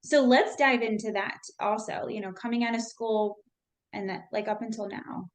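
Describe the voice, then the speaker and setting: A woman's voice: on the high side, normal speed. A woman hosting a podcast interview, encouraging and affirming her guest. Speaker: podcast host.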